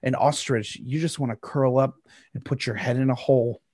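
A man's voice: medium pitch, steady tone, moderate pace, a little mellow, dry recording. A man narrating as game master of a tabletop game, playful and rambling, with frequent fillers.

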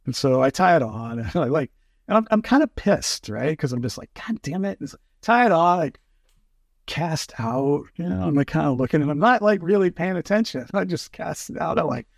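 Animated man telling fishing stories. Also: a little high, fairly quick, vocal fry, dry recording, clean studio sound. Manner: animated, acts out quotes, lots of fillers. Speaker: fly fishing guest. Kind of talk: casual storytelling chat.

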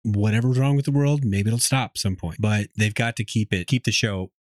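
A man co-hosting a casual TV recap podcast. He speaks in a measured, thoughtful way with dry asides. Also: on the low side, no room sound. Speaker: podcast co-host.

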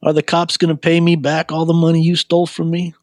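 A man's voice: fairly high pitch, completely flat delivery, quick pace, dry recording, studio quality, voice pushed up, close to an everyday voice. A man playing a huge, menacing shop owner. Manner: gruff, menacing. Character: huge angry older male store owner.

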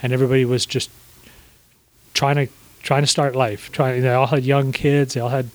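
A man in his sixties, a podcast guest, telling stories about his early business days in a relaxed, rambling way with plenty of fillers and restarts. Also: mid-range voice, normal speed, dry recording, poor audio. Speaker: guest, small business owner. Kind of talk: casual storytelling interview.

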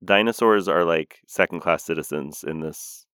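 A man co-hosting a podcast, reviewing a movie in a wry, rambling, deadpan way. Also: low voice, moderate pace, clean tone, no echo, clean studio sound. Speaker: podcast co-host. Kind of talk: casual movie review chat.

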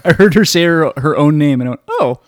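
A man's voice: a little high, fast, no room sound, clean studio sound. A man co-hosting a casual horror podcast, chatting easily. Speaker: podcast co-host. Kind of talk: casual chat.

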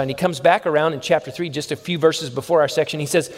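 Man, preacher, sermon, high voice, emphatic, repeats for stress, long hall reverb. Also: fairly quick. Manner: emphatic, repeats phrases and asks the audience questions.

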